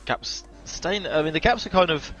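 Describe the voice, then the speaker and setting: A man's voice: fairly high pitch, normal speed, dull audio. Chatty male sim racing commentator. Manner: chatty, analytical, excited on incidents. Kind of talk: live esports race commentary.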